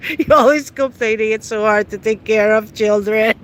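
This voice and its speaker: A woman's voice: fairly high pitch, moderate pace, background noise. A middle-aged woman in casual, teasing chat with live viewers outdoors, laughing often. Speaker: vlogger. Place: outdoors on a city street.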